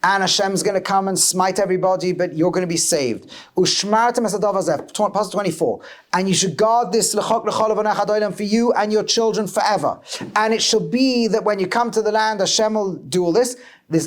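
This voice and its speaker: A man teaching a lively class as a rabbi, questioning his students and mixing Hebrew terms into English. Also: high voice, fairly quick. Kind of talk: lively Torah class lecture.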